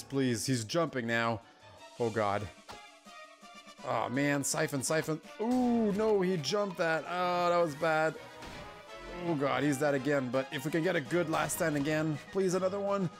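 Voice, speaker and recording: A man hosting a let's play, giving casual gameplay commentary in an anxious, pleading and excitable way. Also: medium pitch.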